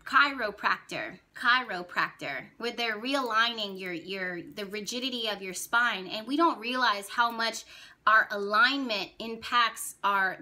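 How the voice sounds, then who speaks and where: A woman astrologer talking straight to her viewers in an animated, casual way, laughing now and then. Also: a little high. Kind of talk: casual talk to camera.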